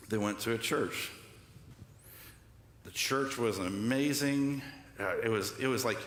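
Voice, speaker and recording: A man's voice: mid-range voice, a bit bright. A man preaching a sermon as pastor, conversational and joking, asking the congregation to answer back. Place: church hall. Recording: echoey hall with long reverb.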